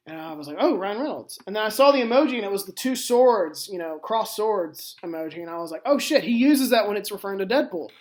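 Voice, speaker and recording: A man hosting a solo sports podcast, talking casually and rambling, with many fillers and restarts. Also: sits high. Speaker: podcast host.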